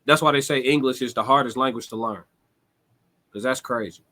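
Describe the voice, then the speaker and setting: A man's voice: mid-range voice, a little fast, sharp tone. A man streaming a casual monologue, direct and laid-back, with slangy, conversational talk.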